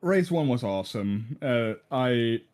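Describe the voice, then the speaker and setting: Casual sim racer, man, lively up-and-down voice. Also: medium pitch, measured pace. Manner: casual, laid-back, chuckling. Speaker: sim racing driver. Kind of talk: post-race interview.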